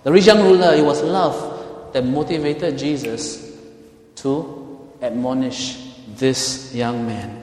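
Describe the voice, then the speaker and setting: A male pastor preaching a sermon, swinging between loud emphatic lines and soft hushed ones. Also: mid-range voice, takes it slowly. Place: church. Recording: echoey hall with long reverb.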